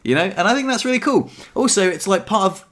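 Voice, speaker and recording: A man's voice: high-pitched, animated, fast, a bit bright. Chatty man giving a life update. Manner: chatty, upbeat, self-deprecating. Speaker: vlogger. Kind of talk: casual life-update vlog. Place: apartment.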